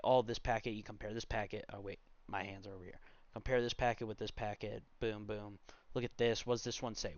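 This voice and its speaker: A young man in his twenties talks through a screen-recorded walkthrough in a loose, chatty way, drifting into asides and fillers. His voice sits a little low and sounds smooth and clear. The recording is dry and slightly dull, like a home desk mic. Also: no room sound. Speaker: tutorial host.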